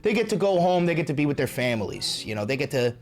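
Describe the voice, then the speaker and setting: Profane, animated political commentator man. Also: fast talker, crowd noise. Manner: profane, angry and sarcastic; swings between low asides and raised shouting.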